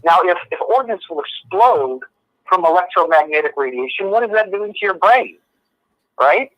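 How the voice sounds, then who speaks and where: A man's voice: sits high, lively intonation, normal speed, a bit bright, no echo, low-quality recording. A man with a slight New York accent, calling in and explaining his views in an earnest, guarded way. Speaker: caller. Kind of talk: phone-in conversation.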